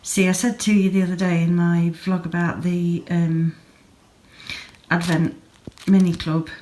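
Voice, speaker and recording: A woman's voice: fairly low pitch, flat delivery, a little slow, dark tone, slight background noise. A woman in her thirties chatting casually at home in a vlog, gushing over small pretty things and sounding sleepy. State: sleepy, yawning. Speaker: yarn dyer and vlogger. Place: home, craft room.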